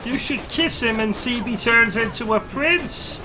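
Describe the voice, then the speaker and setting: A man's voice: extremely high pitch, lively intonation, measured pace, voice pushed up. A man voicing a timid, hesitant male sidekick who opens nearly every line with a nervous "um".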